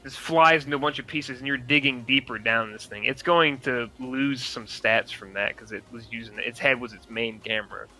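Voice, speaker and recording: Game master, man, bright and forceful voice, excitable and profane. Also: medium pitch, moderate pace, hardly any pauses, rough recording. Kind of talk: running a tabletop game.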